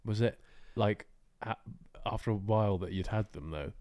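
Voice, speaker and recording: A man's voice: lowish voice, normal speed, mellow. A man co-hosting a podcast, asking teasing, quizzical questions in casual chat. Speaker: podcast host.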